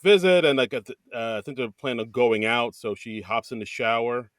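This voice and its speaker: An easygoing man co-hosting a movie podcast, talking in a relaxed way that is full of fillers and quick reactions. His voice is recorded close and dry, with no room sound around it. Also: medium pitch, no echo. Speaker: podcast co-host. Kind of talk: casual chat.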